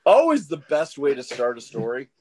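A man's voice: medium pitch, huge pitch swings, fairly quick, darkish tone. A man hosting a podcast chat, dropping short wry remarks. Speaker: podcast host.

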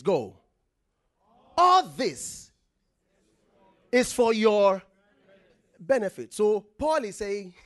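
A man preaching a sermon, emphatic and full of questions to the congregation, getting them to repeat words after him. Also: high voice.

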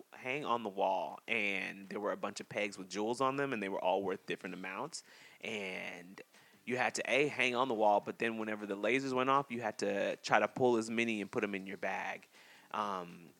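A man hosting a casual podcast, recapping a reality show in an animated, slangy way and acting out his own reactions. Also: fairly low pitch, gravelly. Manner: animated, laughing, acts out reactions in quotes; slangy, drawn-out storytelling. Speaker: podcast host.

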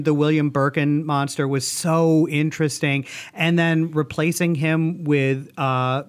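A man co-hosting a comedy podcast, chatting casually with playful, jokey asides. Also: a little high. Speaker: podcast co-host.

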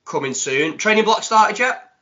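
Man, podcast host, bright sharp voice, encouraging, short follow-ups, dull lo-fi audio. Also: high voice, lively intonation, moderate pace, slight background noise. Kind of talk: casual interview chat.

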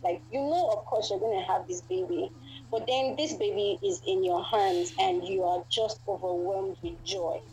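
A woman's voice: mid-range voice, moderate pace, mellow, slight background noise, poor audio. A woman guest in a casual chat, talking thoughtfully with many fillers.

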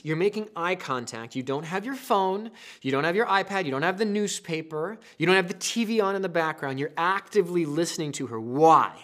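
A man preaching a sermon, telling everyday stories with lively, acted-out moments. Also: fairly high pitch. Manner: animated storytelling, acting out husband and wife.

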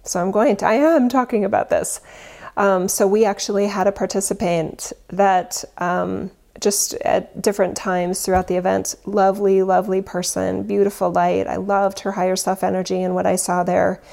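A woman's voice: mid-range voice, level tone, normal speed, creaky, a little mellow. A woman who leads spiritual retreats, talking casually and earnestly, rambling and correcting herself as she goes. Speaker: spiritual teacher and retreat leader.

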